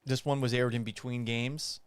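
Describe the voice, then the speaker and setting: A man in his thirties hosting a casual sports talk show, animated and blunt, often swearing. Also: medium pitch, moderate pace, clear, resonant tone, no room sound. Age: 30s.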